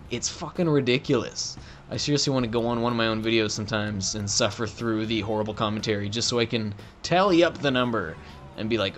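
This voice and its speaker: A young man doing profane, joking let's play commentary on a game. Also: mid-range voice. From Canada. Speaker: gaming commentator.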